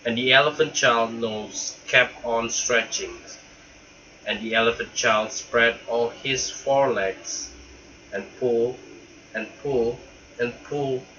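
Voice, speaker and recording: A man reading a children's story aloud, deliberate and expressive with small stumbles, on a dull lo-fi recording. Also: medium pitch, a little hiss or hum.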